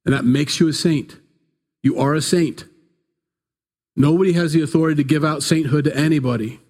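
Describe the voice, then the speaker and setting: The pastor's voice is on the high side, steady and a little mellow, and he moves fairly quickly. In a casual, chatty sermon he narrates the story with playful asides, performing the biblical figures in playful voices.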